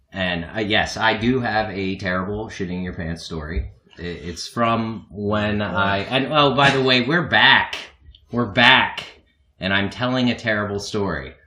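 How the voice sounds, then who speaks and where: A man's voice: lowish voice, pushed and bright. A man co-hosting a podcast, telling a long self-mocking story in a rambling, casual way and laughing often. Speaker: podcast co-host. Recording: echoey room.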